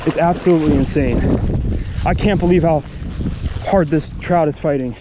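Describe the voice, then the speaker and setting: A man vlogging while fishing alone, who talks straight to viewers in excitable live commentary and repeats his exclamations. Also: fairly high pitch, moderate pace. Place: outdoors on a river. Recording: outdoor recording with wind and water noise.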